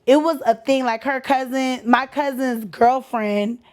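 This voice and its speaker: A young Texan woman tells a story on her own podcast. She talks in a casual, slangy way and acts out every quoted line. Her voice sits high and bright. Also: steady tone, measured pace. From Texas. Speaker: podcast host.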